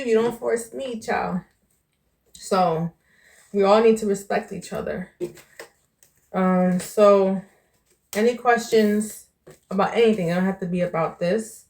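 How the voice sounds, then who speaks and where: Woman vlogger and tarot reader from New York, mid-pitched, chatty, candid, casual delivery to camera. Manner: chatty and candid, calls the viewer "child" and "baby".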